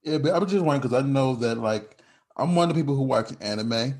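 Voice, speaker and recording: A man hosting a casual podcast chat, rambling and halting, with repeated restarts. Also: mid-range voice, animated, darkish tone. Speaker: podcast host.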